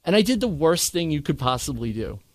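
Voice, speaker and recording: A man candidly recounting a hard experience in conversation, earnest and animated when he quotes others. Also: fairly high pitch, fairly quick, no room sound. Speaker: guest sharing his cancer story.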